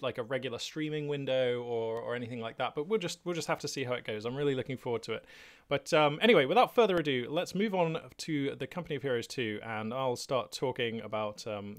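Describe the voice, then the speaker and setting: A man's voice: medium pitch, fast talker. Chatty rambling Englishman with lots of fillers. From England. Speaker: gaming channel host. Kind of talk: casual unscripted monologue. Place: small cluttered hobby room at home. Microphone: webcam setup.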